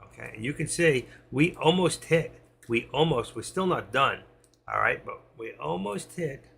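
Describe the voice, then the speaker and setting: A man's voice: mid-range voice, expressive, moderate pace, gravelly, fairly bright tone, husky. A man giving live trading commentary, thinking aloud and reading out prices as he trades. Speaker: stock trading streamer.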